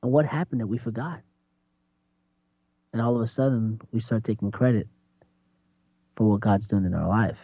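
A man co-hosting a faith talk, preaching in an animated, conversational way and acting out quotes. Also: lowish voice, moderate pace, pauses often, dry recording. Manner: animated, laughs often, acts out quotes. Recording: dry, slightly dull lo-fi sound.

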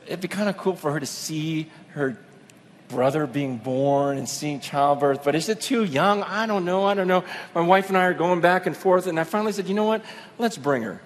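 A middle-aged man preaching a sermon, telling a personal story with emotion, dropping to a hush and then building to fervent emphasis. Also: fairly high pitch, moderate pace, slight background noise. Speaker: pastor.

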